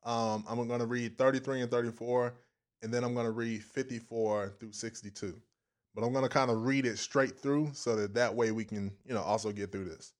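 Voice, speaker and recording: A man's voice: mid-range voice, fairly even intonation, normal speed. A man preaching a casual, folksy sermon, repeating phrases and stopping now and then to chuckle.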